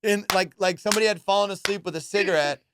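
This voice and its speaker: A man's voice: high voice, fast, background noise. A man hosting a podcast, telling a wild story in casual chat, swearing freely and acting out his friends' lines. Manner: profane, animated storyteller who acts out friends' lines. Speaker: podcast host.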